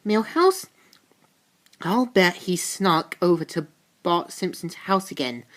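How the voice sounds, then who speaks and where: A woman voicing a fussy, doting cartoon mother, shrill and nagging. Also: animated, takes it slowly. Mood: fussing.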